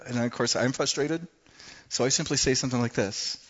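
A man preaching a sermon, telling a personal story in a conversational way with dramatic pauses. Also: medium pitch, fairly bright tone, slightly rough, muffled recording. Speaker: pastor.

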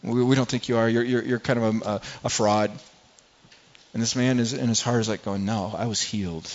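A man's voice: mid-range voice, steady tone, brisk. A man preaching a sermon, earnest and repetitive, often restarting words and reading scripture aloud to the congregation. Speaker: pastor. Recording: dull lo-fi recording.

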